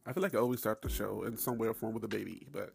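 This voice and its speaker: A man hosting his own podcast, telling a story in a loose, profane, animated way with frequent laughs. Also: fairly low pitch, very fast, gravelly, faint music behind. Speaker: podcast host. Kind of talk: casual solo podcast monologue.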